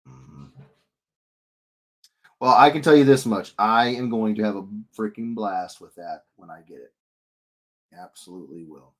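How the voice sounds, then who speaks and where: A man in his thirties with a fairly low voice chats casually with his live-stream viewers while he draws. He rambles, jokes and restarts his sentences often, reading their comments aloud as he goes. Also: measured pace, long pauses. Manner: rambling and jokey, reads chat aloud, frequent restarts. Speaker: illustrator streaming while drawing.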